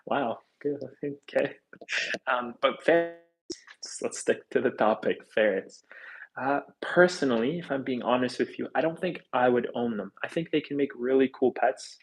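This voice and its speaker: Man, 30, gravelly, mid-pitched, rambling casual livestream chat, candid. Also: rough recording. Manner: candid, rambling, chatty with frequent fillers. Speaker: reptile channel host.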